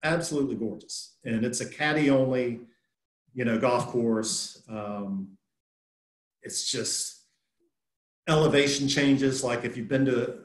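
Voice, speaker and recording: A man's voice: medium pitch, slow, pauses often. A man, a golfer, answering an interview question in an easygoing, casual way. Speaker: guest, golfer. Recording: echoey room.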